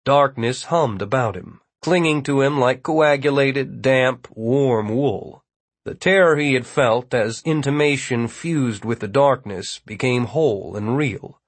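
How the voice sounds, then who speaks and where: A man narrating a novel in a measured, even reading. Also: medium pitch, dry recording. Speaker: audiobook narrator. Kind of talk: scripted narration.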